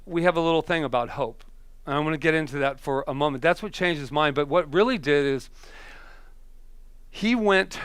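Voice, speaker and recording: A male minister giving a conversational sermon, telling stories that swing from emphatic to hushed. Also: a little high, smooth, no echo.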